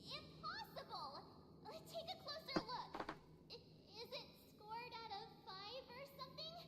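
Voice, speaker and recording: An actress voicing a cheerful young girl adventurer in a game, bubbly and expressive. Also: very high-pitched, unhurried, roomy sound, big-room sound. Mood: indignant. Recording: game audio with music behind.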